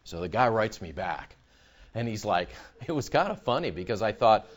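A man preaching a sermon, animated and conversational, acting out other people's voices in his stories. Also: lowish voice, moderate pace. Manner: animated, mimics voices in anecdotes. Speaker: pastor.

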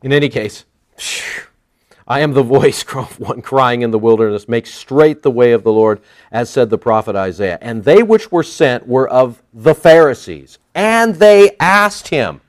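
A man teaching from the Bible in a sermon, animated and joking, acting out the people he quotes. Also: medium pitch, measured pace. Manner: animated, jokey, acts out quoted voices. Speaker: preacher.

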